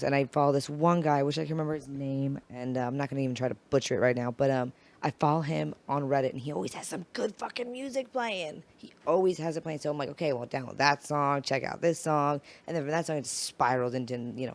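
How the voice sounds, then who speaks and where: Raspy gal guest on a podcast, kinda rambly, swears a lot. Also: female voice, deep voice, fast talker, a little mellow. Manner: loose, rambling and profane. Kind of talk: casual podcast chat.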